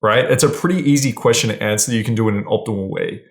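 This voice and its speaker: A man's voice: fairly low pitch, rapid-fire. A man giving casual, blunt dating advice straight to camera, swearing freely and often checking in with "right?". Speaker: dating coach.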